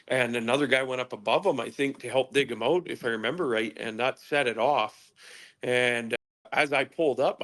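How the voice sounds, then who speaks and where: A man from British Columbia sits in as a podcast guest and spins a story in loose, cussing chat. His telling is animated: he mimics sounds and acts out what people said. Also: medium pitch. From British Columbia, Canada. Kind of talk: casual storytelling.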